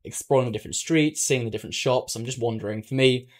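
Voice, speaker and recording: A man's voice: mid-range voice, fast talker. A young man from London, a podcast co-host, telling a travel mishap story in casual chat and acting out the dialogue. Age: young adult.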